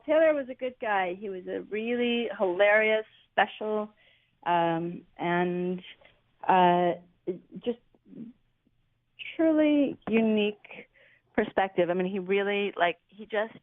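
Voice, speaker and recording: A woman's voice: medium pitch, no echo. Female guest musician, rambling speech, tinny phone-call sound. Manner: rambling, searching for words. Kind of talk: casual interview chat.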